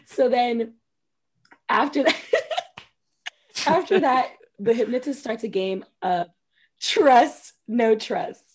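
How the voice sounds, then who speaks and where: A woman's voice: a little high, slow pace, long pauses, a little hiss or hum. A woman co-hosting a casual podcast, animatedly recapping a reality show, acting out quotes and swearing freely. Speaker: podcast co-host.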